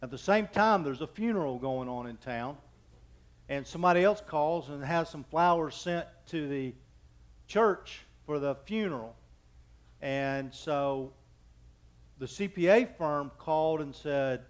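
A man in his fifties preaching a sermon as pastor, telling folksy, joking anecdotes and often stopping to restart his sentences. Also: a little high. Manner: halting, with frequent restarts.

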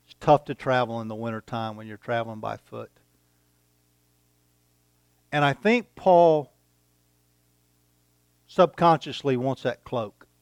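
Slow, deliberate male preacher. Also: mid-range voice, clear, resonant tone, no echo. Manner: slow, deliberate preaching with dramatic pauses, reading scripture aloud. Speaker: pastor. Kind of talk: sermon.

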